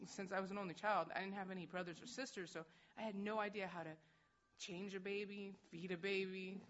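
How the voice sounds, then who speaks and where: A woman telling an audience her own story in a halting, candid way, full of fillers and restarts. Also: medium pitch, fairly bright tone. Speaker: speaker sharing a personal story. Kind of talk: personal talk to an audience. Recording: dull, muffled recording with faint noise.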